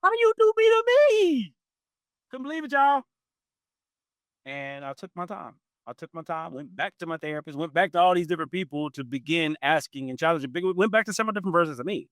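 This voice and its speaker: A man in his forties hosting a podcast, telling a personal story in a casual, animated way and laughing often. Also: quick pace, dry recording, clean studio sound. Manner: animated, acts out quoted voices with big pitch jumps. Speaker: podcast host.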